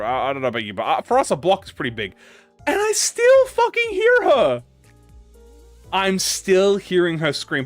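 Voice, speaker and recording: A man's voice: fairly high pitch, a bit bright, dry recording. A young man, a gaming YouTuber, telling a rambling, profane anecdote in casual chat, with lots of restarts.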